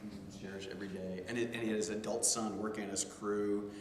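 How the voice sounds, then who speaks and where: A man's voice: fairly low pitch, little pitch movement, quick pace. Storytelling male teacher in echoey hall. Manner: storytelling, conversational with many restarts. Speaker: theology instructor. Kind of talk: informal class discussion. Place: classroom. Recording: echoey hall, faint room noise.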